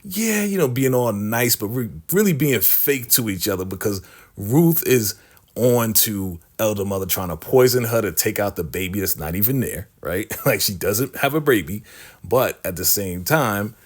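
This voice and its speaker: A man's voice: fairly low pitch, expressive, normal speed. Chatty man recapping a show. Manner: chatty, laughs often, asks viewers. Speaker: TV recap vlogger. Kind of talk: casual recap chat.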